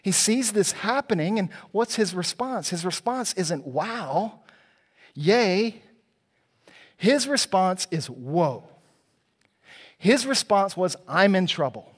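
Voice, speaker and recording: A man's voice: sits high, lively intonation, normal speed, few pauses. A man preaching a sermon as pastor, building emphasis with rhetorical questions to the congregation.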